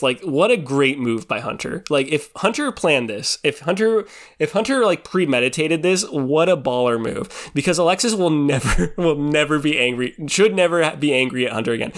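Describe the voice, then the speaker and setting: A man's voice: fairly high pitch, fairly bright tone. A young man recapping a reality TV show in casual chat. He rambles, leans heavily on filler words like "like" and "you know", and laughs often as he talks. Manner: laughs often while talking.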